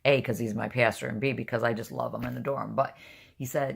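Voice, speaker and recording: A woman's voice: rumbling low, steady tone, fast, vocal fry, slightly rough. An older woman talking casually to camera, blunt and rambling, openly emotional. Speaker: vlogger.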